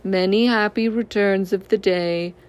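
A woman voicing a gloomy old male donkey in a storybook reading, speaking slowly and self-pityingly. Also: mid-range voice, steady tone, darkish tone, natural voice. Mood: glum. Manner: slow, sighing and self-pitying.

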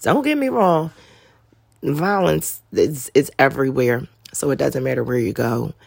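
A woman's voice: very deep voice, expressive, a little slow, vocal fry, a little mellow, breathy edge, no room sound. A woman hosting a podcast, telling stories in a chatty, slangy way and laughing as she goes. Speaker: podcast host and mother. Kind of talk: casual storytelling monologue.

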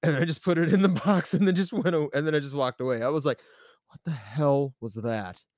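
Young male podcast co-host, lively, rambling storyteller, laughs a lot, dry voice. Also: on the high side, quick pace, dry recording. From American South. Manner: animated, laughs often, many fillers. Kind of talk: casual storytelling chat.

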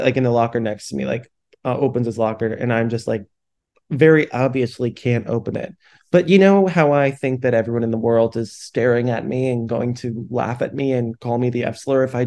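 A man's voice: medium pitch, a little mellow. A young man hosting a podcast, telling a candid, self-deprecating story in casual talk, swearing freely and often laughing at himself. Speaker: podcast host.

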